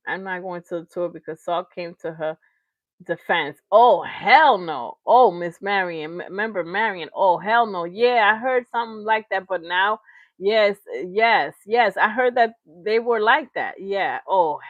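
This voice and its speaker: A woman's voice: medium pitch, unhurried, dry recording, lo-fi sound. A woman hosting a livestream reaction show, ranting in heated, slangy, emphatic commentary.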